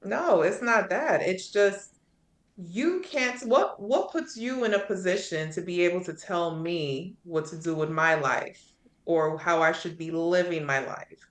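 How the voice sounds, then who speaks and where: A woman's voice: fairly low pitch, a little slow, roomy sound. A woman on a podcast panel in casual debate, arguing assertively point by point.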